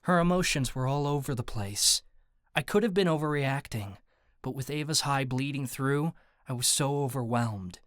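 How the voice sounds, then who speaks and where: A man's voice: medium pitch, moderate pace, a bit bright, dry recording. Male narrator in a dry, close booth. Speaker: audiobook narrator. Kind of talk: first-person audiobook narration. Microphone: close studio mic.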